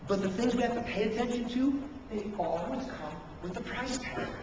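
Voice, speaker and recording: High-voiced preacher in an echoey hall. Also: male voice, moderate pace, a little mellow, slight background noise. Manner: conversational, acting out little inner dialogues. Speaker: pastor. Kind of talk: sermon. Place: church sanctuary. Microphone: camcorder from the back of the room. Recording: distant echoey hall camcorder recording.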